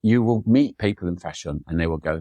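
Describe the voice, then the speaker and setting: A man's voice: low voice, fairly quick, dark tone, no room sound. A middle-aged man telling enthusiastic, chatty stories as a podcast guest, slipping into acted quotes. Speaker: photographer guest. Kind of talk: storytelling conversation.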